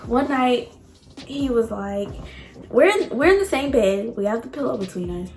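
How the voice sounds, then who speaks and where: A woman's voice: fairly high pitch, sing-song, moderate pace, a little mellow, reverberant, soft background music. A young woman vlogger telling a personal love story to her viewers, candid and emotional.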